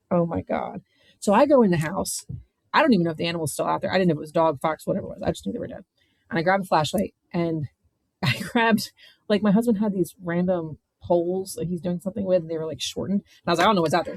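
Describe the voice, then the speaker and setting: A woman in her thirties from Maryland, a podcast guest telling a story in a blunt, animated way and swearing freely. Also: lowish voice, creaky, no echo, poor audio. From Maryland, USA. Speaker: podcast guest, vineyard owner. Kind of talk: casual chat, storytelling.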